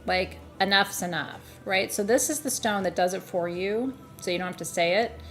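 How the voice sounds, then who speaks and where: A woman's voice: medium pitch, moderate pace, a bit bright, soft background music. A woman co-hosting a live crystal show in casual, playful chat. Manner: chatty, playful, breaks into laughter.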